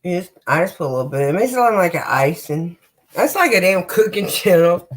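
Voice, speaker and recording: A woman's voice: on the low side, very animated, a little fast. American lady vlogging live, chatty and cussing, talks right to her viewers. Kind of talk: casual live-stream chat.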